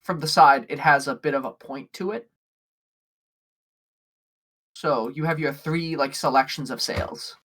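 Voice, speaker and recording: A man's voice: on the high side, measured pace, pauses often, a bit bright. A man narrating a tabletop game as game master, describing the scene in a rambling way with many fillers.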